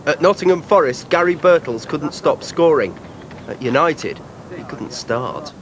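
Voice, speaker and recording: A man giving measured, wry scripted narration for a documentary. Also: a little high, expressive, crowd noise. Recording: noticeable background noise.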